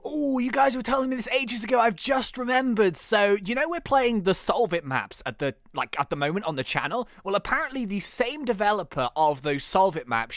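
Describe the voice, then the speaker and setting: A chatty woman hosts a gaming channel. She talks excitably and laughs often, with pitch that swings up and down. Her delivery is casual and full of energy. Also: no echo, clean studio sound. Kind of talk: casual game commentary.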